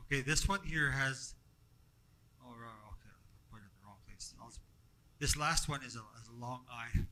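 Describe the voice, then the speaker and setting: A man teaching a language workshop to a group, halting and repeating himself as he explains and asks the room questions. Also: mid-range voice, bright, forceful tone, poor audio. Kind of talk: classroom teaching. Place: classroom.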